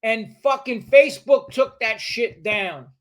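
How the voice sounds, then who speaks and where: A man's voice: very high-pitched, expressive, unhurried. An older man from New York City with a New York accent, a podcast guest talking bluntly, profanely and combatively in casual conversation. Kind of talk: casual interview chat.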